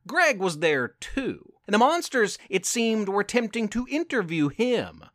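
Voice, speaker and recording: Playful, encouraging male podcast host; high, animated, slow delivery. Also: dry recording. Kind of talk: scripted storytelling narration.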